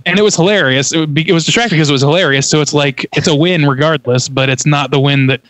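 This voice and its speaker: A man's voice: on the high side, fast, a bit bright, dry recording. A young man in a casual podcast chat about a film, reading trivia aloud and swearing now and then. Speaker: podcast co-host. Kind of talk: casual movie-review chat.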